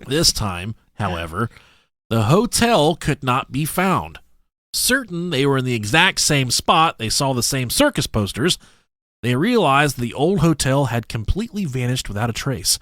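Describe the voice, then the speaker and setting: A man co-hosting a casual comedy podcast, reading a story aloud with profane asides and loud joking voices. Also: medium pitch, sing-song, measured pace, no room sound, clean studio sound. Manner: profane, rowdy. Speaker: podcast co-host.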